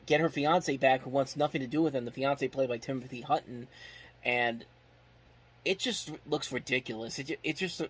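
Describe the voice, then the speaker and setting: A man hosting a casual movie review, rambling and critical, with lots of fillers and restarts. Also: mid-range voice. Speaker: film reviewer and host.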